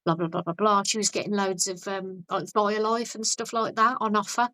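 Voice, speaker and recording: A woman guest on a podcast, chatting casually and telling stories in a blunt, animated way with frequent restarts. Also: mid-range voice, moderate pace, no room sound, rough recording. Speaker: podcast guest, vegan activist.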